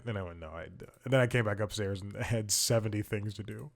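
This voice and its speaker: A man's voice: lowish voice, quick pace, creaky. A man hosting a casual comedy recap show, telling stories in a rambling, self-interrupting way. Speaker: host.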